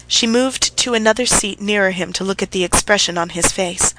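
A woman reading a classic story aloud as an audiobook narrator, with a steady, even delivery. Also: mid-range voice, brisk, few pauses, noisy background. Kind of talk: scripted narration.

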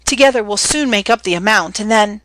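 A woman reading as a young woman, a sweet, spirited and secretive sister who speaks softly, by turns pleading and lightly playful. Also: medium pitch, fairly quick, dry recording, lightly acted.

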